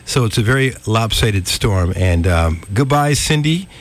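A man giving a live weather update on the radio, slightly out of breath and halting, full of ums and uhs. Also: lowish voice, expressive, no room sound. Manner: hesitant, lots of ums and uhs. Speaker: weather forecaster.

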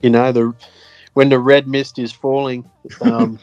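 A man of middle pitch, relaxed and easygoing as he chats with his co-host. He mostly drops short agreeing replies and light jokes. Dry close sound with faint music. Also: a little slow, dry recording, dull audio. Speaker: podcast co-host. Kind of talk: casual chat.

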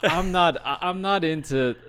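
A man's voice: a little high, a little slow, a bit bright, clear, resonant tone, no room sound. A man co-hosting a film podcast, chatting casually with brief, agreeing replies. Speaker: podcast co-host.

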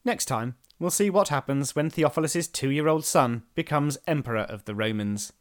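A man, a podcast host narrating history in a measured storytelling manner with dry asides. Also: a little high.

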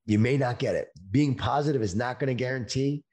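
A middle-aged man speaking as an interview guest, talking about leadership in a slow, emphatic motivational way over a video call. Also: mid-range voice, a little mellow.

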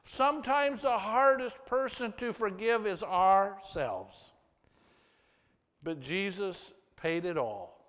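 A man preaching a sermon and reading scripture aloud, slow and emphatic, with surges of intensity. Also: a little high. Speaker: pastor. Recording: reverberant hall.

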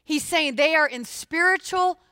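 A woman preaching a sermon, expressive and putting questions straight to her listeners. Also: high-pitched, a little slow, no echo, clean studio sound.

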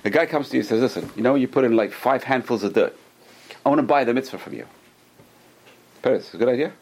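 Quick but pausing often, a mid-range male voice leads a Torah class. He tells lively stories, performs the voices of the people in them, and keeps circling back to repeat and restart lines.

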